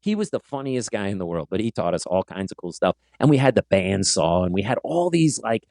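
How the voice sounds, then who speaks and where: A middle-aged man hosting a podcast interview, telling stories in a casual, animated way and acting out what people said. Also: lowish voice, fairly quick, dry recording, clean studio sound. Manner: animated storyteller, acts out quotes. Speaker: podcast host.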